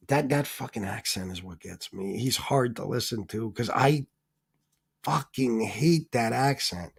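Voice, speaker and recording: A man's voice: medium pitch, gravelly, darkish tone. Male livestream host; profane, rambling off-the-cuff commentary with frequent fillers, mid-range voice, gets emphatic when he rants. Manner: turns heated and emphatic when ranting. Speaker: livestream host reading viewer donations. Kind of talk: casual live-stream commentary.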